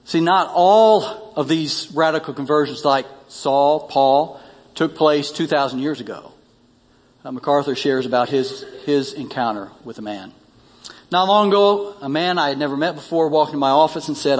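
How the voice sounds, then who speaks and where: A man's voice: a little high, brisk, big-room sound. A male pastor delivering a sermon, reading a story aloud and rising in emphasis on key lines.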